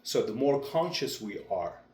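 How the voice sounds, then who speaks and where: A young man talking through his speaking practice in a vlog, with a deliberate, measured delivery. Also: medium pitch, expressive, darkish tone. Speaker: vlogger. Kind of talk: reflective speech-practice vlog. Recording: roomy echo.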